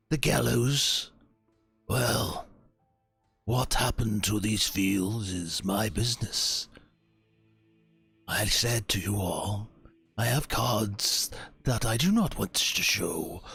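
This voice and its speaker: A man voicing a smug, secretive male schemer who speaks in a slow, taunting way. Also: lowish voice, vocal fry, fairly bright tone, slightly rough, heavily acted.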